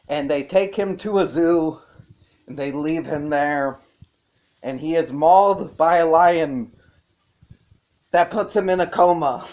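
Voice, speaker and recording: A man's voice: on the high side, a little mellow, muffled recording. A man reviewing a movie in a casual, rambling way, swearing and chuckling as he goes.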